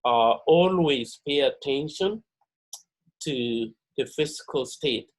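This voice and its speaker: A man giving a pre-lab chemistry lecture, halting and full of "uh" and "all right" fillers, repeating key words for emphasis. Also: medium pitch, lively intonation, poor audio.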